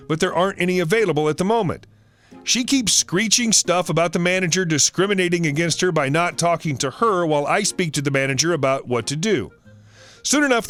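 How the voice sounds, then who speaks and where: A man's voice: sits high, a bit bright. A man reading an online story aloud in a wry, sarcastic storytelling manner. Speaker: story narrator.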